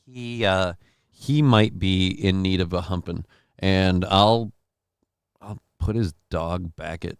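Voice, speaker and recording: A man with a lowish, smooth, resonant voice hosts a casual livestream, chatting with viewers and reading out their comments. He rambles and swears freely, often poking fun at himself. The sound is dry and close. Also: takes it slowly, dry recording. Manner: rambling, profane, self-deprecating. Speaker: livestream show host. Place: home.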